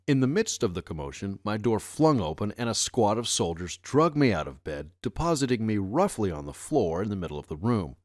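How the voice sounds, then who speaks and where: Low-voiced man narrating an audiobook. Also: fairly quick, few pauses, dry recording, clean studio sound. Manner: expressive storytelling delivery. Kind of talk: first-person audiobook narration.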